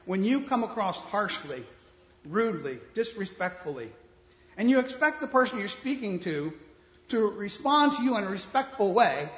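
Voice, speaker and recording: A male pastor giving a sermon in a blunt, conversational manner, shifting between soft asides and loud emphasis. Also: high voice, expressive, moderate pace. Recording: reverberant hall.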